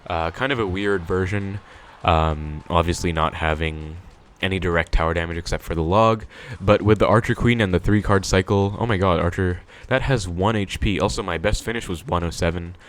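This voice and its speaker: Deep-voiced man commentating his gameplay. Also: normal speed, few pauses. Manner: relaxed, thinking aloud with many fillers. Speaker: gaming video creator.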